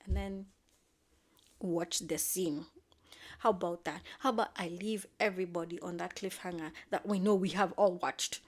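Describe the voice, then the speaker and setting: A woman in casual chat, recapping a show in an animated, sassy way. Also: lowish voice, normal speed.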